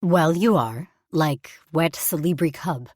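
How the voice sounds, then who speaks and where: A big male alien warrior, gruff yet tender, with a low growl in his voice, as a woman reads him. He teases softly and speaks with quiet weight, recorded close and dry with no room around him. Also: takes it slowly, dry recording. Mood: teasing. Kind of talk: audiobook character voice.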